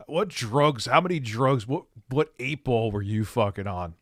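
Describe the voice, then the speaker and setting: A man's voice: medium pitch, animated, unhurried, fairly bright tone, no room sound. A man hosting a casual livestream, rambling in a loose, crude way and swearing freely. His voice sits in an ordinary middle range and sounds dry and close, with no room around it. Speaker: livestream host.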